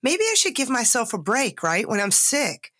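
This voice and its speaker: Bright-voiced woman podcaster, candid and sick. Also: on the high side, big pitch swings, moderate pace. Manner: candid, confessional, self-mocking asides. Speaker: podcast host. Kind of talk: personal reflective monologue.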